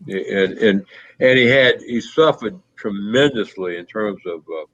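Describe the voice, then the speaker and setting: A man telling a personal story in a reflective, conversational way, pausing often with fillers and restarts. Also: expressive, fairly bright tone. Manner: halting, many restarts and fillers. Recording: muffled low-fidelity audio.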